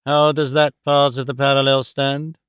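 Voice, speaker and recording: A male audiobook reader voicing a stern, cold older mother who speaks in a severe, measured and reproachful way. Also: medium pitch, level tone, a bit bright, clear, resonant tone, no echo, studio quality, close to an everyday voice. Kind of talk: audiobook character voice.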